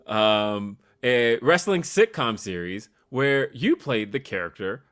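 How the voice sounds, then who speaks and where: A man co-hosting a podcast, asking questions and making light jokes in a relaxed way. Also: medium pitch, unhurried, few pauses. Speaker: podcast co-host. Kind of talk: casual interview chat.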